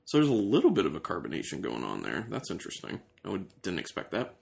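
A man's voice: sits low, huge pitch swings, quick pace, creaky, darkish tone. A man hosting a casual beer tasting, describing aroma and flavor as he thinks aloud. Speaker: beer reviewer host.

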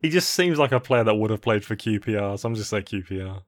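A man's voice: fairly low pitch, lively intonation, fast. A man playing a casual football quiz as a contestant, hesitating with frequent ums. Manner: hesitant, fills with ums, laughs easily. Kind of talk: casual chat.

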